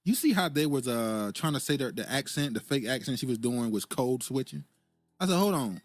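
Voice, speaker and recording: A man's voice: mid-range voice, lively intonation, normal speed, dry recording, clean studio sound, faint music behind. A man hosting a casual political commentary stream, laughing often as he reads viewer comments aloud. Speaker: host reading live chat.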